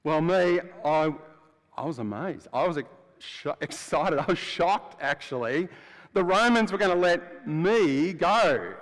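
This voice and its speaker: A man preaches in church as the freed convict Barabbas, a rough, blunt adult, telling his tale in the first person with a chatty storyteller's manner that rises loud and drops hushed. His voice is on the high side with lively intonation and an unhurried pace, and long hall reverb surrounds him.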